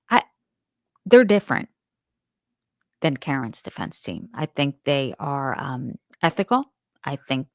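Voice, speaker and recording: A woman's voice: low-pitched, gravelly, no echo, clean studio sound. A woman hosting a crime show, giving casual, candid opinions and thinking aloud as she talks.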